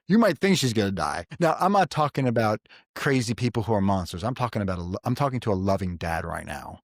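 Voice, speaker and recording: A man's voice: fairly low pitch, big pitch swings, fast, no echo, studio quality. A middle-aged man hosting a podcast, giving earnest parenting advice in casual chat and telling stories with quoted voices. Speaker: podcast host.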